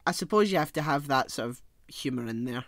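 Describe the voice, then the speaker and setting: A man co-hosting a podcast in casual film chat, relaxed and hesitant, often trailing off quietly. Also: medium pitch, fairly quick, no room sound, clean studio sound. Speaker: podcast co-host.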